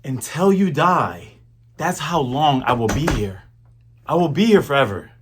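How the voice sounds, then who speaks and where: A man's voice: fairly high pitch, sing-song, a little slow, noisy background. A man voicing a proud, hot-headed young male cook who talks back defiantly. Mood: stubborn. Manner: defiant, insistent.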